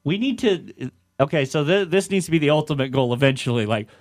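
A man in his thirties co-hosting a sports radio show, animated and laughing often as he riffs on bits. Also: on the high side, fairly quick. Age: 30s. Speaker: radio co-host. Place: radio studio.

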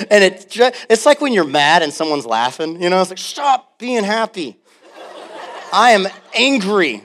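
A male pastor preaching a sermon in a church, animated and full of stories. His voice sits a little high for a man, and he slips into acted-out quotes and laughter as he goes.

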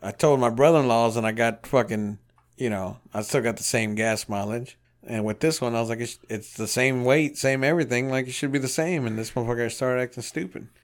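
A profane, animated storyteller with a mid-range voice speaks briskly as he rambles through a road-trip tale on a casual podcast, doing voices for each person in the dialogue.

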